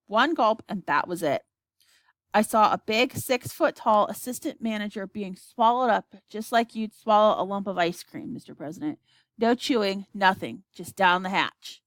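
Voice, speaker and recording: A woman's voice: mid-range voice, moderate pace, dry recording, close to an everyday voice. A woman voicing a folksy, easygoing male astronaut reporting over the radio.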